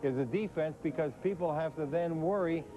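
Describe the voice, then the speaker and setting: A man's voice: a little high, a little fast, low-quality recording. Earnest hockey executive analyzing players, man. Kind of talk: TV studio analysis.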